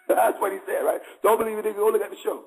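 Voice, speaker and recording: A man's voice: high voice, steady tone, fast talker, darkish tone, poor audio. A man hosting a show, preaching in a casual, conversational way and constantly checking in with his listeners. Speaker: host.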